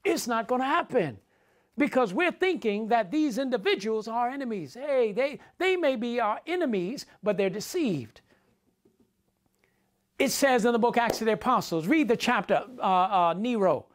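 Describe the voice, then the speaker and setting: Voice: mid-range voice, expressive, moderate pace. A preacher giving a sermon, repeating key phrases for emphasis and speaking directly to the congregation.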